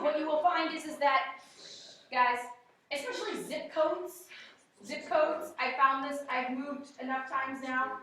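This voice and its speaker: Female teacher, bright high voice, conversational lecture, very echoey classroom. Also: far from the mic. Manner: conversational, frequent "okay?" check-ins.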